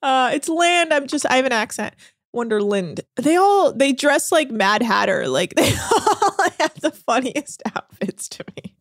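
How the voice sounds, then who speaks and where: A woman co-hosting a podcast, recapping a reality show in an animated, sarcastic way, laughing and swearing often. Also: high-pitched, a little slow, hardly any pauses, no echo, clean studio sound. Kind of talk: casual chat.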